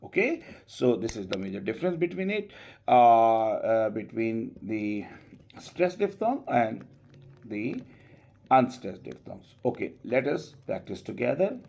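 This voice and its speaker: A male English teacher giving an online class lecture, explaining slowly and tagging many lines with a rising "okay?". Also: fairly low pitch, creaky, darkish tone, breathy edge. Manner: slow, drawn-out explaining with frequent rising "okay?".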